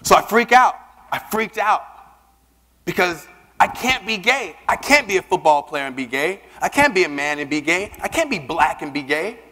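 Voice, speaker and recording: A man with a somewhat high voice gives a keynote talk to a conference audience. He tells his story in a lively way and acts out the dialogue. His voice rings out with the long reverb of a big hall. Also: moderate pace. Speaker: keynote speaker.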